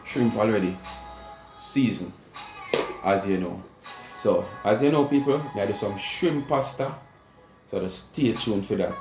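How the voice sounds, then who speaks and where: A man's voice: lowish voice, normal speed. A man with a Jamaican accent chatting casually to his viewers while he cooks in his home kitchen. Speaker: cooking vlogger. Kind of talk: casual cooking talk. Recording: echoey kitchen with music behind.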